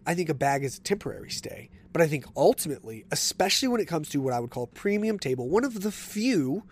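A man's voice: on the high side, breathy edge. A man hosting a casual solo podcast, telling stories in a chatty, conversational way. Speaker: podcast host.

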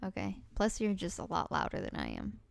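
A young woman co-hosts a casual podcast with a quiet, soft-spoken voice. She chats easily and laughs often. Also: on the low side, huge pitch swings, a little fast, gravelly. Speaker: podcast co-host. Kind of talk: casual chat.

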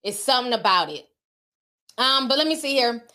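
A woman's voice: on the high side, expressive, a little fast, pushed and bright. A woman livestreamer reading out viewer donations in a casual, candid and outspoken way.

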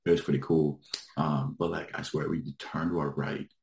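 A man with an extremely low, deep voice, chatting casually and rambling through a story with lots of filler words. He sounds like he's in a roomy, echoey space. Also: little pitch movement, normal speed, gravelly, a little mellow. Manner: rambling, lots of likes, laughs while telling. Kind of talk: casual chat.

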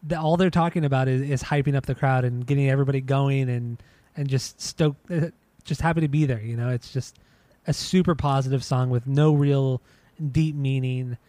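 A man's voice: mid-range voice, fairly even intonation, moderate pace, dark tone, no echo. A man hosting a podcast, chatting in a laid-back, enthusiastic way and swearing casually. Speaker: podcast host. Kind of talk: casual chat.

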